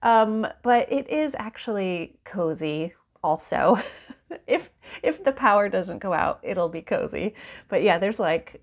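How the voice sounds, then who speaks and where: A woman in a casual chat at home by a window, talking in a rambling, chatty way and laughing often. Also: lowish voice. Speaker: book vlogger.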